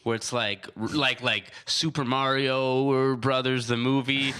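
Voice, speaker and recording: Male co-host, bright forward voice, rambling daydream talk. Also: mid-range voice, fairly even intonation, unhurried, clean tone. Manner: rambling, musing. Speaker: podcast co-host. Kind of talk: casual comedic chat.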